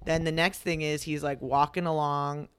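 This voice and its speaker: Smooth-voiced young man telling a story. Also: a little high, moderate pace, dry recording. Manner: animated retelling that acts out quoted lines, lots of fillers. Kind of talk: casual storytelling chat.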